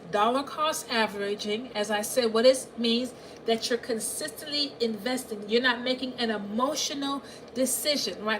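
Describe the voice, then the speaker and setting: A woman coaching an audience on money in a lively, repetitive way, often checking that listeners are following. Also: fairly high pitch, slight background noise, rough recording. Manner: animated, repeats herself, asks listeners if they hear her. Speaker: financial coach. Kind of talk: live coaching session.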